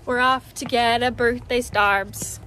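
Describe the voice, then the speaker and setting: A woman's voice: on the high side, steady tone, slow pace, sharp tone, slight background noise. Chatty, playfully dramatic young woman vlogger. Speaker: vlogger and law student. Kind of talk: casual vlog chat to camera.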